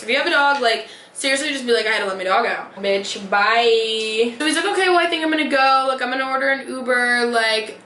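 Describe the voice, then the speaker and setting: A woman's voice: fairly high pitch, pushed and bright, slight background noise. Sassy chatty young woman vlogger. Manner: chatty, sassy, profane, heavy use of "like". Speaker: beauty vlogger. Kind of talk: casual story-time chat. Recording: roomy echo.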